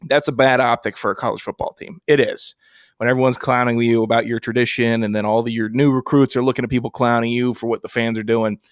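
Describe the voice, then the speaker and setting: A man's voice: mid-range voice, flat delivery, fast, clear, resonant tone, no room sound. Emphatic man, mid voice, dry mic. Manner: emphatic, repetitive, builds rhetorical lists. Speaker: podcast co-host. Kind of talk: casual sports chat.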